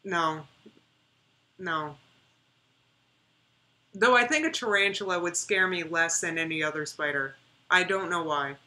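Speaking a little slowly with long pauses, a woman in her thirties chats on a reaction stream in a bright, forward voice on the low side. She talks straight to viewers in a relaxed, conversational way. She repeats words to drive points home.

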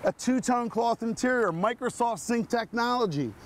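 High-pitched man pitching cars live from an outdoor lot with faint street noise. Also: moderate pace. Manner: energetic, repetitive hard-sell patter. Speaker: car dealership pitchman.

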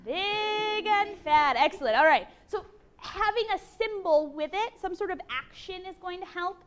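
A woman teaching a college class, lively and encouraging, with a playful manner. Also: very high voice, normal speed. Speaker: university lecturer. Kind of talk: classroom lecture.

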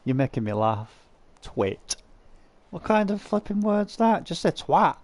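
A man's voice: sits high, very animated, unhurried. Man teasing his chat. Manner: teasing, laughing, crude banter with viewers. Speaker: game streamer. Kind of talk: live gameplay commentary, reading chat.

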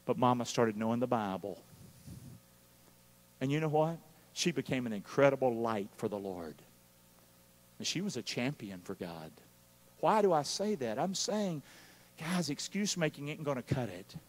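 A man preaching a live sermon, calling out for responses from the congregation and swinging between loud and hushed. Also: mid-range voice, very animated, normal speed, pauses often. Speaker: pastor. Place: church sanctuary during a live service. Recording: long hall reverb of a church.

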